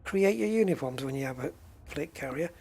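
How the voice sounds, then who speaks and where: A man's voice: fairly high pitch, lively intonation, brisk, gravelly, a little mellow, breathy edge. A man chatting casually while streaming a space game, joking and exclaiming at prices. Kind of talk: casual gameplay commentary.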